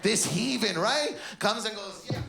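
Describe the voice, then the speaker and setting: Animated comedian shouting punchlines over a laughing crowd. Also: male voice, a little high, normal speed. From Canada. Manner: animated, shouts punchlines, slips into impressions of family. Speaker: stand-up comedian. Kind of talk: stand-up comedy set. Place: comedy stage before a live audience. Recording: live show with loud crowd laughter.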